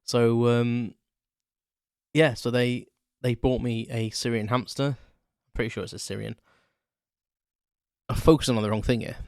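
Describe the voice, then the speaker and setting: A man's voice: mid-range voice, level tone, a little slow, pauses often, darkish tone, clear, resonant tone, dry recording, clean studio sound. A man hosting a solo podcast, telling childhood stories in a rambling, self-correcting way with chuckles. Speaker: podcast host. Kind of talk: casual solo storytelling.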